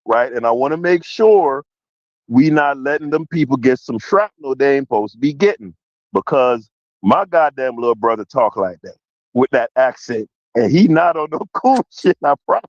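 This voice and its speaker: A man's voice: medium pitch, lively intonation, moderate pace, dry recording. Man on a dull lo-fi line. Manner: emphatic, repeats "that's all I'm saying". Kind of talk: heated casual debate.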